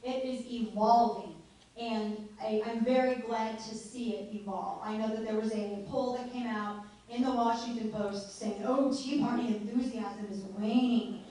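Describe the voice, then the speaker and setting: A woman's voice: a little high, fairly even intonation, a little slow, dark tone. A woman giving a joking, informal speech to a live audience at a political meeting. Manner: chatty and joking, laughs often. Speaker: guest speaker at a political meeting. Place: meeting hall. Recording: echoey hall heard from far off.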